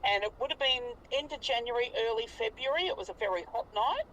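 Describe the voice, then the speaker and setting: A woman in her fifties with an Australian accent, telling a story in an animated, colloquial way and swearing freely. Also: on the high side, fast talker, far from the mic, highs cut off, slight background noise. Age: 50s. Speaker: interviewee recounting a sighting. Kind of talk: casual storytelling interview.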